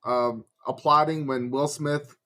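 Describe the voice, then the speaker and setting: Higher-voiced man with a Chicago accent. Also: fairly even intonation, unhurried, pushed and bright. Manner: enthusiastic, hesitant starts, leads the topic. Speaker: podcast co-host. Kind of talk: casual chat.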